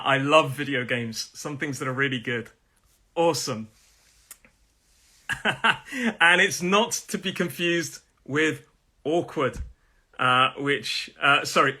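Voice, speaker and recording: A middle-aged man teaching English pronunciation on a live stream, friendly and repeating each word slowly to show the stress. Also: fairly high pitch, bright, forceful tone.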